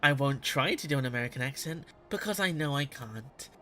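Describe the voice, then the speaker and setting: A man's voice: mid-range voice, lively intonation, fairly quick, bright, forceful tone. A man streaming a game, chatting casually with viewers, laughing often and swearing lightly. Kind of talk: casual live-stream chat.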